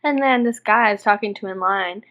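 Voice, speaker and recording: A woman's voice: mid-range voice, fairly quick. A young woman from Texas telling stories animatedly in a casual video diary, saying "like" often. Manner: animated storytelling, heavy use of "like". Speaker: vlogger.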